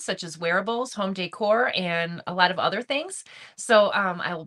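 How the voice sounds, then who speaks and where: A woman's voice: mid-range voice, pushed and bright. A woman hosting a crochet livestream, chatting casually and greeting viewers by name as she reads the chat. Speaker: crochet channel host.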